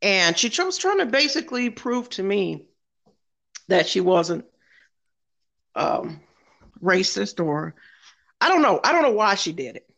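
A woman telling a workplace story in an animated, casual way, often repeating herself. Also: medium pitch, a little slow, creaky, long pauses, dull audio.

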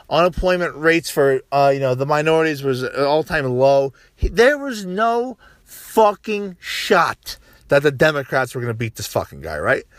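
A man's voice: fairly high pitch, dry recording. Profane ranting man, dry close sound. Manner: frequent "right?" tags and restarts. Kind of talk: casual political monologue.

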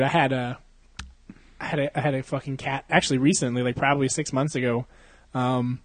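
A man's voice: mid-range voice, darkish tone, dry recording. A young adult man chatting casually, rambling through crude stories full of swearing and frequent laughter. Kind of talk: casual chat.

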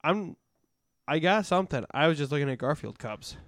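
A man co-hosting a casual podcast chat, playful and quick to laugh, sometimes putting himself down. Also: fairly high pitch, expressive, a bit bright, dry recording, clean studio sound. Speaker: podcast co-host.

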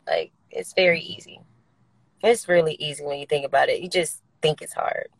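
A woman talking as an interview guest, outgoing, blunt and profane, laughing often and swinging between loud and soft. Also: low-pitched, lively intonation, moderate pace, no room sound, rough recording. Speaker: interview guest, recording artist. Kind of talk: candid interview talk.

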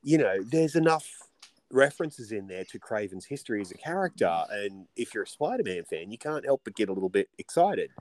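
A man co-hosting a casual film podcast, talking in a low voice that swings widely in pitch. He swears freely and keeps the chat animated. Every so often he drops into a joking put-on voice. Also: fairly quick. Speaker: podcast co-host.

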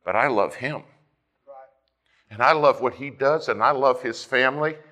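Forceful, fervent male preacher. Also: medium pitch, normal speed. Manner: impassioned, swings between loud emphasis and hushed asides; storytelling with quoted dialogue. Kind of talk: fervent sermon.

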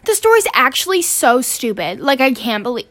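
A woman's voice: high voice, big pitch swings, moderate pace, fairly bright tone. A teenage girl ranting casually on her podcast, exasperated and swearing, rambling with restarts. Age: teens. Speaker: student podcaster.

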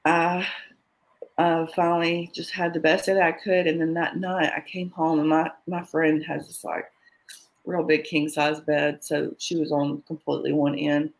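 Woman, interview guest, candid personal story, halting, fillers, quoted dialogue. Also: low-pitched, level tone, creaky, poor audio. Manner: often quotes others in dialogue.

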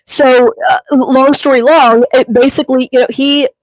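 A woman's voice: high-pitched, fairly even intonation, normal speed, no echo, rough recording. Chatty woman, emotional rambling storyteller. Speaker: personal trainer and podcast co-host. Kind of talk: casual podcast chat.

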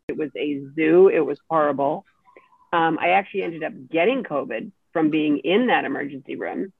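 A woman telling a personal story as an interview guest, animated and acting out the people she quotes. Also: low-pitched, moderate pace, vocal fry, slightly rough, dry recording. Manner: animated, acts out quoted speech. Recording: tinny dry phone line.

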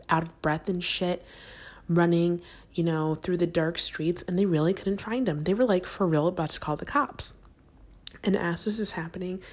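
A woman in her thirties hosting a casual podcast from her kids' bedroom, chatty and swearing, often dropping into a whisper. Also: lowish voice. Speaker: podcast host. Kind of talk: casual chat.

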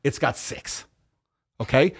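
A middle-aged man telling a personal story in a casual interview, emphatic and animated. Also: slow. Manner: emphatic, animated retelling with acted quotes and profanity. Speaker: podcast guest.

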